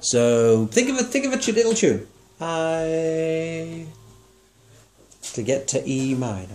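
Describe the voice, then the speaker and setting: A man with a mid-range, slightly mellow voice and huge pitch swings talks briskly through a one-to-one songwriting lesson, with a little hiss or hum in the background. He's patient and encouraging, guiding with questions and singing brief notes to show the tune.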